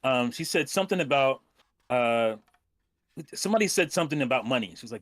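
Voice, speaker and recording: A man's voice: medium pitch, expressive, fast, a bit bright, no room sound. A man co-hosting a gaming podcast, chatting loosely, laughing often and swearing casually. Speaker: podcast co-host. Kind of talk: casual chat.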